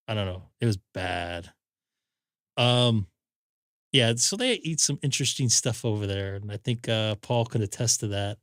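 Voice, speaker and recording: A man's voice: lowish voice, expressive, moderate pace, a bit bright, dry recording, studio quality. A man hosting a ham radio live stream, telling rambling stories in casual chat and acting out quotes. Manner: rambling anecdotes with acted-out quotes.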